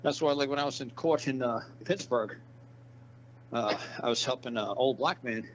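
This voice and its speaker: A man spins a long, rambling tale in a casual interview and acts out the people in it with heated, profane bursts. His voice sits at an ordinary pitch. The audio is dull and muffled, with a faint hum behind him. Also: moderate pace. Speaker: guest. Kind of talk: casual storytelling.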